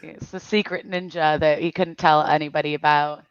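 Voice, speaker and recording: A chatty woman in her forties, hosting a relaxed conversation and laughing easily through her stories. Her voice sits low and sounds smooth and resonant. The recording is close and dry but a little dull. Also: normal speed, no room sound. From Michigan. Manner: chatty, laughs often while telling stories. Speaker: channel host. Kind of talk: casual chat.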